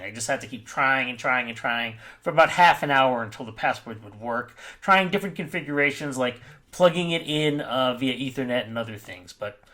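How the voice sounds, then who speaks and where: A man's voice: mid-range voice, bright, forceful tone. A man talking casually to his viewers in a rambling, off-the-cuff way, often correcting himself. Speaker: crypto mining YouTuber. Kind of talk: casual vlog talk.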